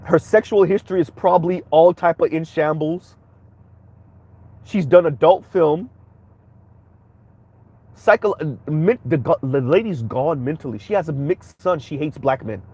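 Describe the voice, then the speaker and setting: A man's voice: a little high, a little slow, pauses often, a little mellow, breathy edge. A man hosting a commentary stream, reacting bluntly and heatedly while speaking straight to his viewers. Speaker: commentary channel host.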